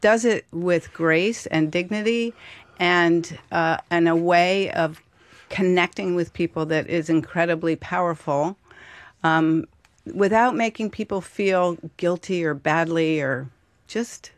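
A woman's voice: lowish voice, slow pace, dry recording. A woman chef speaks earnestly about giving back, stopping now and then to find the right words. Her voice is recorded close and dry, with no room sound around it. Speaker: chef and restaurateur. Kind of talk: casual interview talk.

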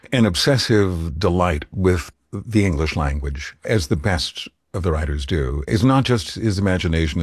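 Deep husky actor in a backstage interview. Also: male voice, no echo, studio quality. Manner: enthusiastic, articulate.

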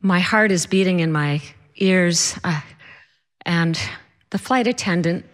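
A woman's voice: fairly low pitch, takes it slowly. A woman telling a personal story to an audience, wry, self-deprecating and dramatic.

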